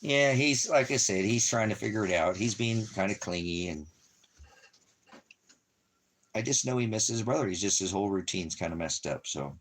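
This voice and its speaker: A man's voice: on the low side, animated, moderate pace, fairly bright tone, slight background noise. A man vlogging in a loose, rambling way, full of ums and repeated phrases. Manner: loose, filler-heavy, repeats himself. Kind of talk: casual rambling chat.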